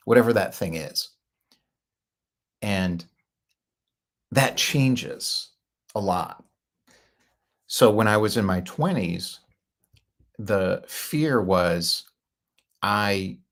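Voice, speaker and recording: A middle-aged man telling a personal story in a chatty, casual way, laughing often and acting out quoted lines. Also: fairly low pitch. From Chicago area, United States. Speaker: podcast host.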